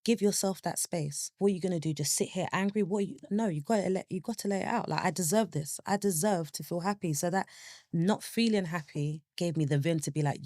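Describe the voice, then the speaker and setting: Young woman, low pitch, candid guest who tells her story animatedly. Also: fairly quick, no echo, studio quality. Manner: animated, acts out her own past thoughts in quoted asides. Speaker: podcast guest.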